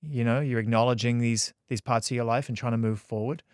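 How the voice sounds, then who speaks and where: Fast-talking, animated male radio host. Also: mid-range voice, smooth, dry recording, clean studio sound. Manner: quick, animated, joking and swearing. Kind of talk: casual radio interview. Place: radio studio.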